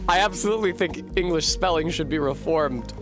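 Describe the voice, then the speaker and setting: A man's voice: fairly high pitch, brisk, over music. A man streaming a video game, thinking aloud with profane, sardonic commentary. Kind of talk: live gameplay commentary.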